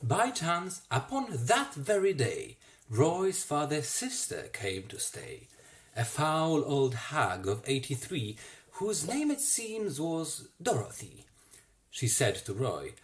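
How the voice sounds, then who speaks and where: A theatre actor, reading a rhyming children's story aloud at home, theatrical and expressive. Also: medium pitch, slow. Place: home, self-recorded.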